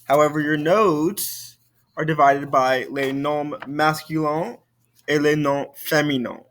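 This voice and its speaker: A man's voice: fairly high pitch, steady tone, slow, a bit bright. A man teaching a recorded French lesson, patiently saying vocabulary for students to repeat.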